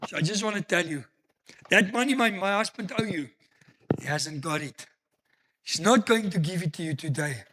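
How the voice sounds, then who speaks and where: A man pastor preaches with lively, emphatic delivery, asking rhetorical questions and telling anecdotes. His voice sits high for a man and sounds bright and forceful. His pitch swings widely as he presses his points. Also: moderate pace, long pauses. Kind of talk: sermon.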